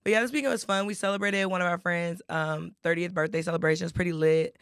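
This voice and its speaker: A woman co-hosting a podcast in casual chat, her voice hoarse and nearly gone, telling stories with energy. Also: on the low side, steady tone, quick pace, dry recording, clean studio sound. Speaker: podcast co-host.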